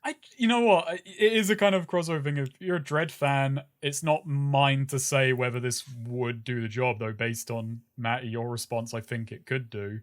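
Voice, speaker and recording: A man's voice: mid-range voice, fairly even intonation, normal speed, few pauses. A man co-hosting a podcast over a call, chatting casually with wry, jokey asides. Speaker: podcast co-host. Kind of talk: casual chat.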